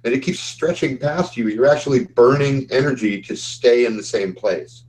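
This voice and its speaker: A man narrating a tabletop game as game master, in a calm, descriptive storytelling manner. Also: mid-range voice, normal speed, poor audio.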